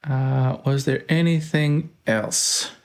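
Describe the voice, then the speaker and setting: A man's voice: medium pitch, fairly even intonation, slow, vocal fry, background noise. A man hosting a let's play, thinking aloud and reading out game commands with dry asides. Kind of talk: casual gameplay commentary.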